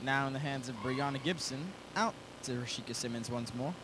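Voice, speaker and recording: A man's voice: mid-range voice, brisk. Young color commentator, man, noisy gym. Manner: relaxed, analytical, announces substitutions. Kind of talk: sports commentary.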